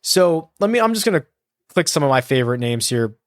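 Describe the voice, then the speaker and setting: A man's voice: on the high side, big pitch swings, brisk, no echo, studio quality. A man hosting a fantasy golf podcast alone, thinking aloud in a rambling way and often correcting himself mid-sentence. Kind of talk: casual solo analysis.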